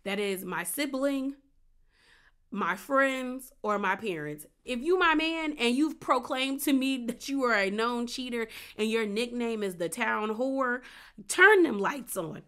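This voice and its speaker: A woman's voice: on the high side, a little slow, a bit bright, smooth. A woman giving a casual, sassy recap of a reality show, chatty and playful. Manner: chatty and sassy, acts out quotes with gasps and laughs.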